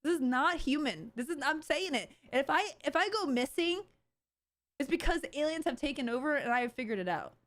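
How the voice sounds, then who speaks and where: A woman with a high, bright-pitched voice reacting live on stream. She rants sarcastically, piling up fillers and restarts as she riffs on what she's watching. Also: lively intonation, a little fast. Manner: sarcastic, ranting, full of fillers. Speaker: streamer host.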